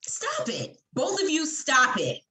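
A woman's voice: sits high, takes it slowly, full character voice. A woman playing an exasperated young roommate. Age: young adult. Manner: placating, trying to calm others down. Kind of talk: livestreamed stage play performance.

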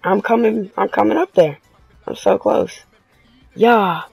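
A young man giving live, excitable commentary on his own basketball video game match, full of slangy trash talk. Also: sits high, measured pace, gravelly, slightly rough, no echo, faint music behind, poor audio. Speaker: gaming video creator.

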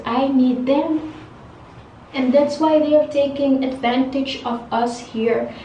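A young woman with a slightly high voice rants to her viewers, frustrated, circling back over the same complaints and swearing freely. She sits a little back from the mic in a room with a noticeable echo and a faint background hum. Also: dark tone, far from the mic. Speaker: hair vlogger. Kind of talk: venting rant to camera. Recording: roomy echo, voice a bit off-mic.

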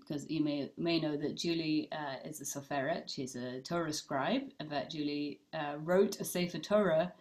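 A woman's voice: deep voice, a little mellow. A woman rabbi leading a casual online study class, thinking aloud with fillers and reading out participants' comments. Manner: thoughtful, many fillers and restarts, reads out participants' comments. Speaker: rabbi teaching a study session.

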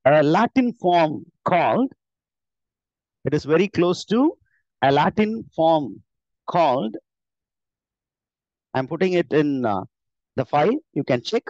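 A man's voice: high voice, darkish tone, dry recording. Indian man teaching an online class. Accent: Indian English. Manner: explains step by step with many filler "uh"s and self-corrections. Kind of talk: live online lecture. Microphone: computer mic on an online class call. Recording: dull, dry online call audio.

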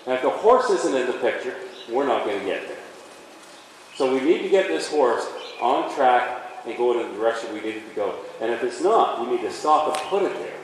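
A man training a horse and explaining each step out loud, in an emphatic, animated way. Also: medium pitch, brisk. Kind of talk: instructional demonstration. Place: indoor horse arena. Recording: echoey arena from far off, faint noise.

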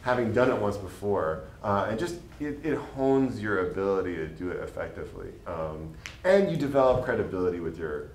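With a fairly low, slightly mellow voice and lively intonation, a state legislator in his late 20s speaks briskly at a panel event. His answer is earnest, rambling, and packed with fillers, and the echoey room carries faint background noise.

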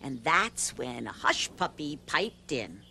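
A woman's voice: extremely low pitch, very animated, takes it slowly, gravelly, bright, forceful tone, a little hiss or hum. A woman who hosts a children's television show, telling a story to young viewers and teaching them a dance in a playful, sing-song way.

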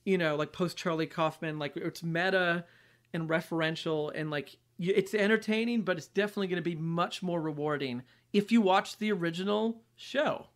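A man's voice: high voice, moderate pace. A man co-hosting a podcast, chatting casually about a film and using lots of fillers. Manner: casual, filler-heavy with many likes. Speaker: podcast co-host.

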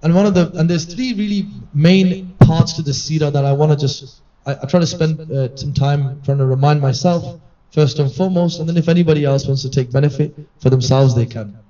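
Fairly quick and on the high side, with a dark tone, an earnest male preacher delivers a conversational sermon-style reminder in a gathering hall, acting out quoted voices. He comes across distant and muffled, the mic far away and the sound dull and lo-fi.

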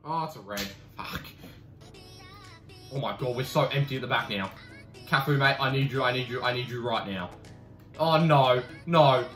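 A young man commenting on his own football video game matches, cheeky and swearing, his voice leaping high when he scores. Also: moderate pace, pauses often. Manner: cheeky, swears, bursts into high shouting over goals. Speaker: gaming YouTuber. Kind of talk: excitable gameplay commentary. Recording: roomy echo with faint music.

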